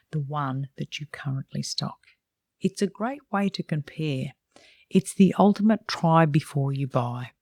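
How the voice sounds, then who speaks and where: A woman's voice: sits low, warm tone, dry recording, studio quality. A woman salon coach reading her own book aloud, giving direct and emphatic advice. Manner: direct, emphatic, plain-spoken.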